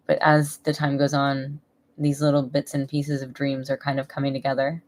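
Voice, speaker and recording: A woman in her thirties chatting casually on a live stream from home, rambling and emotional, laughing often. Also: rumbling low. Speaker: vlogger.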